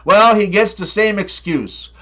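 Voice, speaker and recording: Guy rattling off jokes, high bouncy voice, bright tone, kinda dull lo-fi sound. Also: measured pace. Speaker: comedy joke teller. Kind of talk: scripted joke monologue.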